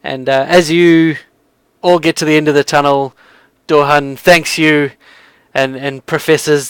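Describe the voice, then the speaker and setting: A man's voice: on the high side, little pitch movement, unhurried, a bit bright, clear, resonant tone, no echo. A man narrating a tabletop game as game master, rambling with lots of fillers.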